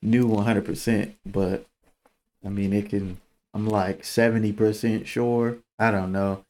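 A young man co-hosting a podcast, telling a story in casual chat, animated and profane, laughing often and acting out the voices of the people in it. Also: lowish voice, a little slow. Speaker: podcast co-host.

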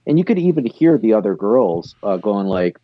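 A man co-hosting a podcast, talking casually about a TV episode in a relaxed, enthusiastic way. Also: fairly low pitch, normal speed, no echo, dull audio. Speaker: podcast co-host. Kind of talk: casual chat reviewing an episode.

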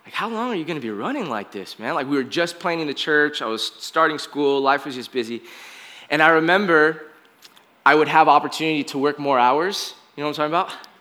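A man's voice: a little high, expressive, fairly quick, bright, forceful tone. A young man preaching a conversational, confessional sermon as a pastor, peppered with casual filler words.

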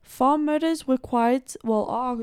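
Narrating a true-crime case for a podcast, a young South African woman speaks slowly in a high, slightly mellow, clean voice. The studio sound is clean with no echo, and her storytelling is chatty, heavy on fillers and tangents.

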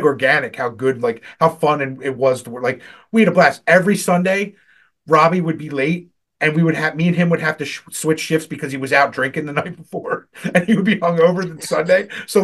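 A man's voice: a little high, fairly bright tone. Rambling, profane man telling work stories. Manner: rambling, profane, laughs often. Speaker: podcast co-host. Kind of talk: casual storytelling chat.

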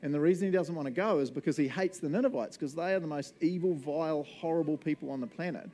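Casual NZ preacher, male, animated and jokey, warm mellow tone. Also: fairly high pitch, fast, slight background noise. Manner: animated, laughing, acts out voices. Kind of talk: casual sermon.

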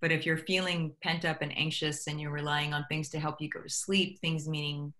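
A middle-aged woman talks as a guest in a relaxed interview, her tone bright and forward though her pitch sits on the low side. She tells stories easily and slips into the voices of people she quotes. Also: brisk. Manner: animated storyteller acting out quoted dialogue. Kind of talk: conversational interview.

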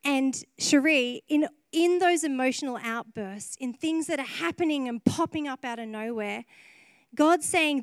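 An earnest woman preaching a heartfelt sermon, her voice sitting a little high. She talks openly and emotionally, often breaking into laughter between phrases. The sound is dry and close, with little room echo. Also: a little slow. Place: church service.

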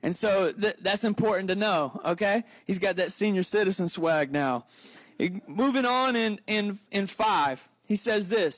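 A man preaching a lively, conversational sermon to his congregation, openly excited and talking casually between scripture readings. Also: high-pitched, unhurried, dry recording. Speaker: pastor.

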